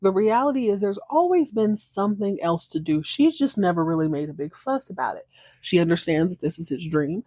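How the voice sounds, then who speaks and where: A woman hosting a podcast, giving sassy, animated commentary on a TV episode and laughing often. Her pitch moves a lot around a middle range. The sound is dry and close. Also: brisk, no room sound. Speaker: podcast host.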